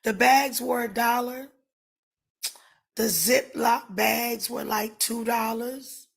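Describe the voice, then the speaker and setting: A woman preacher on a live stream, ranting emotionally and speaking straight to her viewers by name, often rising to shouts. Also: a little high, fairly even intonation, slow, vocal fry, breathy edge.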